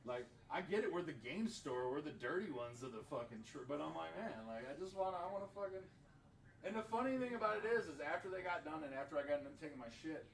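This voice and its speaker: A man's voice: on the high side, lively intonation, fast talker, few pauses. A man who owns a game store, telling a heated story in casual chat and swearing freely. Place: shop, indoors. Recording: roomy, distant mic, faint background noise.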